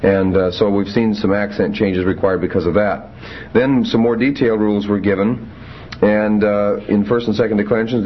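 A man teaching a Greek grammar class, explaining rules methodically with frequent pauses and fillers. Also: lowish voice, a little hiss or hum. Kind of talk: classroom lecture. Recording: muffled lo-fi classroom recording.

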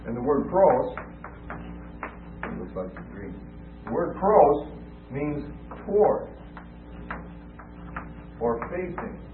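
A man's voice: mid-range voice, very animated, slow pace, pauses often. A man delivering a teaching sermon, explaining things patiently and stopping often on filler sounds. His voice comes through thin and tinny like a phone line, with a faint hiss under it. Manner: explanatory, with frequent filler "uh" and restarts. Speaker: preacher.

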